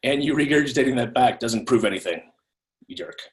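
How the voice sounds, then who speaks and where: A man's voice: medium pitch, fast talker. Man teaching over a video call. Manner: conversational, repeats words when restarting. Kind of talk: live online training talk.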